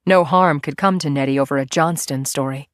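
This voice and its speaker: A woman narrating a thriller audiobook in a measured, steady storytelling manner. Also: sits low, dry recording, clean studio sound. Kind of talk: scripted narration.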